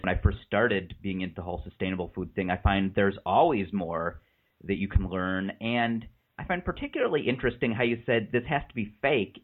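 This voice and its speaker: A man's voice: fairly low pitch, slightly rough. A man hosting a podcast interview, talking in a thoughtful, conversational way. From California. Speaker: podcast host. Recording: tinny phone line.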